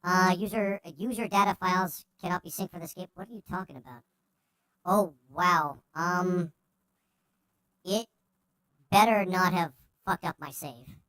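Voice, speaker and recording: A woman streaming a video game, chatting casually and excitably and swearing freely as she plays. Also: lowish voice, a little slow, pauses often, clear, resonant tone. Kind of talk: casual gameplay commentary.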